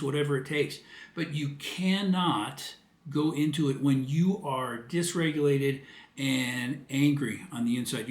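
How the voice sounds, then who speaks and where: Earnest man coaching in an echoey room. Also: fairly high pitch. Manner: earnest, plain-spoken explaining. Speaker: parenting coach. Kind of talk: advice video monologue.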